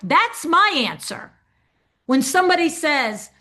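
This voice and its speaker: Woman, older, coach, webinar, animated, high voice, bright tone. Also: unhurried. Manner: animated, acts out client dialogues. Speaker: business coach for interior designers. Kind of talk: webinar teaching.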